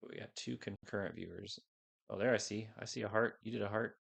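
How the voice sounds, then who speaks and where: A man's voice: lowish voice, steady tone, a little fast, gravelly, fairly bright tone, slightly rough. A man hosting a casual livestream, rambling and unsure as he talks to a few viewers on a headset microphone. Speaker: livestream host.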